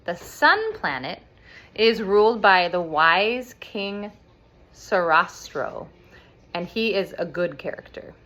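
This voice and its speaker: Lively woman storyteller for kids, pitch bouncing all over, animated. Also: takes it slowly. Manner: animated, expressive. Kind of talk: explaining an opera story to children.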